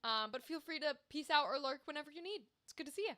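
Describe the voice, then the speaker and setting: A woman's voice: high voice, lively intonation, fast talker, pushed and bright. A young adult woman hosting a game livestream, chatting casually and rambling to her viewers. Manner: chatty and rambling, talks straight to chat. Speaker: livestream gamer and host. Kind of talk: casual stream chat with viewers.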